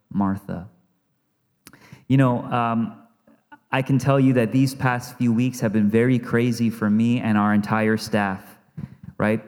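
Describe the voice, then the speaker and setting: Earnest male pastor in a reverberant church. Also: medium pitch. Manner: earnest, repeats phrases for emphasis, drops softly for quoted words. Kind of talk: sermon. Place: church sanctuary. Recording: long reverb of a church hall.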